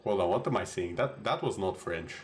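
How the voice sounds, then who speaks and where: Relaxed joking male game streamer. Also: low voice, a little fast, a little hiss or hum. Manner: relaxed, rambling, jokey asides to chat. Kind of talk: casual gameplay commentary.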